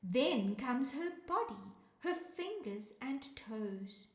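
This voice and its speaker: A high, lively woman from South Africa reads a rhyming children's story in an unhurried, sing-song way. Her pitch swings widely as she calls out to her young listeners. The room around her rings with echo. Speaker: children's music teacher reading a story.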